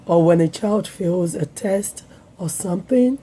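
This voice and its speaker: Hoarse lady vlogging, low dark husky voice, earnest and reflective. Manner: earnest and reflective, with filler pauses. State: hoarse, voice recovering. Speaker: vlogger and parenting show host. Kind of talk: solo vlog talk to viewers.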